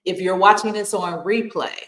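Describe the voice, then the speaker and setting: A woman's voice: mid-range voice, fairly even intonation, moderate pace, a bit bright, echoey room, slight background noise, low-quality recording. A woman hosting a live stream, telling viewers to like, comment and join. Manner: direct, gives viewer instructions.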